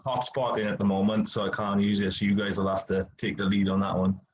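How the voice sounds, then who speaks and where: A man hosts a podcast and puts questions to his guest. He sounds relaxed and keeps a joking tone in his casual chat. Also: fairly low pitch, fast, muffled recording. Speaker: podcast host.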